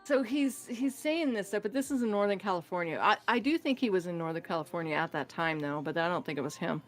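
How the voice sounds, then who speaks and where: A woman casually telling a true scary story on a podcast, animated and acting out the voices in it. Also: on the low side, quick pace, soft background music. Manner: animated, acts out voices in her stories, laughs often. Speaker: guest storyteller.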